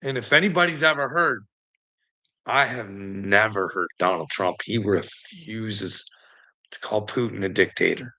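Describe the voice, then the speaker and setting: A man's voice: fairly low pitch, unhurried, pushed and bright. Profane, rambling Canadian man ranting. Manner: profane, rambling, laughs between remarks. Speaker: political commentary host. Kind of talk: casual ranting monologue.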